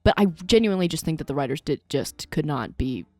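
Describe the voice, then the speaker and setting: A woman co-hosting a podcast in casual chat, making deadpan jokes about a movie. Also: deep voice, brisk, no echo. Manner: joking, deadpan quips. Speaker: podcast co-host.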